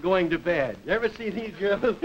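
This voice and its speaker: A comedian with a high, light voice rambles through a folksy monologue and keeps chuckling at his own jokes. The sound is muffled, lo-fi 1950s television audio under a heavy bed of hiss. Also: huge pitch swings, measured pace. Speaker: comedy show host. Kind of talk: stand-up monologue before a studio audience. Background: studio audience laughter.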